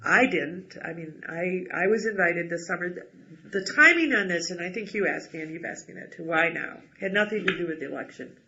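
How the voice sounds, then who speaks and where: Blunt, agitated man with a bright voice. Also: high voice, animated, fairly quick, slight background noise. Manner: agitated and blunt, swears when angry. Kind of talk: emotional personal conversation. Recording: dull lo-fi recording.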